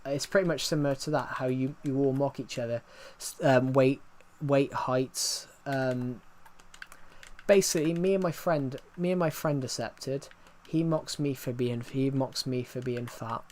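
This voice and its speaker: A man's voice: medium pitch, measured pace, a little mellow. A man, chatting casually on a live stream, answering chat with many fillers and restarts. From England.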